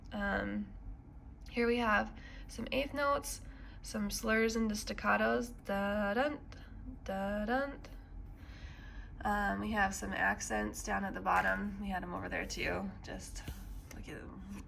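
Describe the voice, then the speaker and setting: A woman's voice: mid-range voice, vocal fry, a bit bright, a little hiss or hum. A woman teaching a piano lesson, explaining the music patiently with frequent ums and counting beats aloud. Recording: piano playing underneath.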